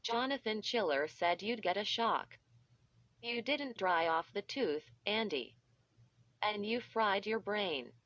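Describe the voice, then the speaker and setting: A woman's voice, likely synthetic, reading a tense, pale girl who speaks in a soothing hush. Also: medium pitch, animated, slow, dry recording. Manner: soothing, hushed. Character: anxious whispering girl, a friend. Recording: dull lo-fi.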